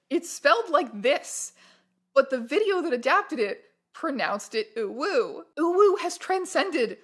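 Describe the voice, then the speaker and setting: Animated woman hosting a commentary vlog. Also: sits high. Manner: animated, emphatic, playful. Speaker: YouTube host.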